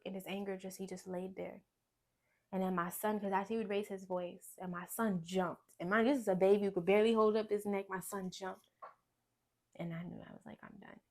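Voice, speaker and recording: A young woman giving a personal testimony in conversation, earnest and storytelling, often dropping to a quiet voice. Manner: earnest, storytelling, drops to quiet low voice when recounting. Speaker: guest sharing testimony.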